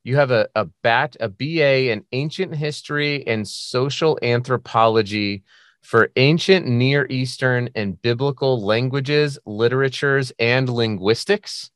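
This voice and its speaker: An American man hosting a podcast interview, upbeat and joking with quick asides. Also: medium pitch, fairly bright tone, dry recording, clean studio sound. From United States. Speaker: podcast host. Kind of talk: casual interview chat.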